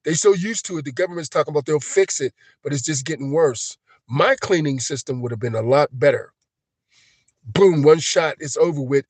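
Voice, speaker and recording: A man ranting on a live stream, agitated and profane, swinging between shouting and low, emotional muttering. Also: no room sound. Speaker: livestream host.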